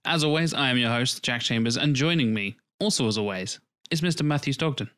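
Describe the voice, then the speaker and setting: A man's voice: mid-range voice, brisk, a bit bright, clear, resonant tone. English guy hosting a chatty film podcast, jokey, keeps laughing. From England. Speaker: podcast host. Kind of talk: casual podcast chat.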